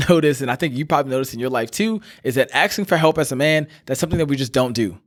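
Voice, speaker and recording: Brief: male life coach host, earnest motivational talk, slightly high voice, dry close mic. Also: no echo. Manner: earnest, addresses listener as brother, many fillers. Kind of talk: direct motivational talk to listeners.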